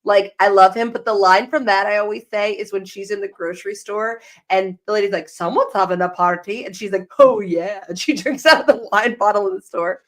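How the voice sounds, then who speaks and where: A woman's voice: mid-range voice, steady tone, brisk, hardly any pauses. A woman hosting a podcast, chatting casually and enthusiastically. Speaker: podcast host. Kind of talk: casual chat.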